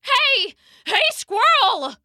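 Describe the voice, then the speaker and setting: A giddy young male dog from a children's storybook, obsessed with snacks, as a woman puts him on. His voice is very high and bright, with big jumps in pitch. He yells in shouty, overexcited bursts. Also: sing-song, unhurried, dry recording, studio quality, full character voice. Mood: frantic yelling. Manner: shouty, overexcited, breathless outbursts. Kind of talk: storybook character voice.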